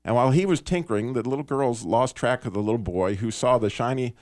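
A man hosting a Christian radio talk show, telling a story in an earnest, animated way with small restarts. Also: mid-range voice, fast talker, no echo, clean studio sound. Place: radio studio.

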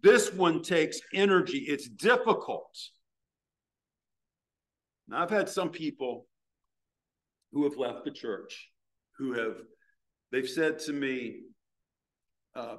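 A man preaching a sermon as pastor, earnest, slowing down to stress words from scripture. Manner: prays in a hushed, low voice.

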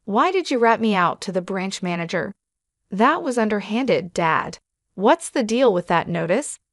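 A woman's voice: mid-range voice, animated, unhurried, dry recording, clean studio sound. A woman voicing an angry, entitled adult son who snaps scornfully, in a story reading. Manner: snapping, scornful.

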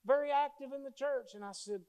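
A man's voice: very high voice, a little fast, a little mellow. A male pastor preaching a sermon with emphasis, repeating key phrases as he tells stories.

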